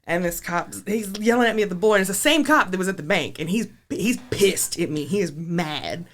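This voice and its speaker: Fast-talking woman telling stories. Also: fairly low pitch, expressive, slight background noise. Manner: blunt, profane, laughing through her story. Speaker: podcast guest. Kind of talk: casual storytelling.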